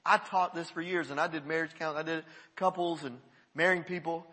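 A man's voice: on the high side, steady tone, fairly quick, pushed and bright, long reverb tail. A man, a pastor, preaching a sermon in a conversational, emphatic way to his congregation. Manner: conversational preaching, emphatic, breaks into quoted voices.

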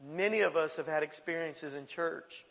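A pastor preaches in a folksy, animated way. He retells an old story with quick asides and laughs. His voice sits high with a gravelly fry, and it carries a long reverb through the church. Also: very noisy. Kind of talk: sermon.

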